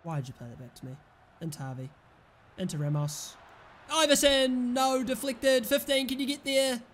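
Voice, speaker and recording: Young male gamer, high bright voice, excitable live gameplay commentary with angry outbursts. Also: normal speed, a little hiss or hum. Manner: excitable, frustrated outbursts and shouting at players. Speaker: gaming commentator.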